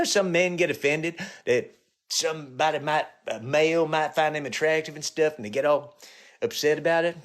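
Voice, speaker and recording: Middle-aged male comic, slightly high voice, crude riffing with live viewers, low mutters and sudden high yelps. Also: gravelly, a bit bright. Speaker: comedian live-streaming. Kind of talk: rambling live-stream banter with viewers.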